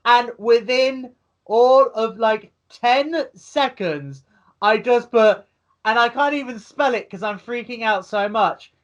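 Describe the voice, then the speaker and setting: High-pitched animated man, dull audio. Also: slow. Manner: animated, reads his own chat comments, bursts into shouts. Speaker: podcast co-host. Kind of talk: casual wrestling review chat.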